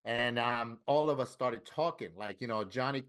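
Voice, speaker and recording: A man from Florida telling a story in casual interview talk, animated and profane, acting out what other people said. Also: medium pitch, moderate pace, smooth. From Florida, USA. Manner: animated, profane, acts out quoted voices. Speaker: interview guest, tattoo artist.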